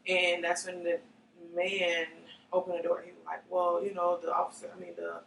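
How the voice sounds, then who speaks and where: A young woman giving a personal testimony in an interview, recounting events earnestly and haltingly, often restarting her sentences. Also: on the low side, monotone, gravelly, a bit bright. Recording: echoey room, distant mic, faint noise.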